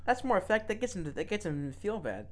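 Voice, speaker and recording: Co-host, man, sheepish and profane storyteller, pitch swinging widely. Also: very animated, fast. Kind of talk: casual podcast chat.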